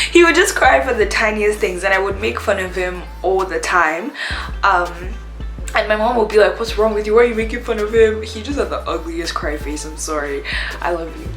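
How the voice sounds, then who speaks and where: A young woman chatting candidly while doing her makeup, reflective and quick to laugh. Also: lowish voice, a bit bright. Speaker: beauty vlogger. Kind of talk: get-ready-with-me chat while doing makeup. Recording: echoey room with faint music.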